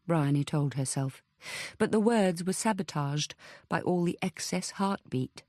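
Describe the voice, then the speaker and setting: With a fairly low pitch, a woman narrates an audiobook script in an even, measured way. The sound is dry and studio clean.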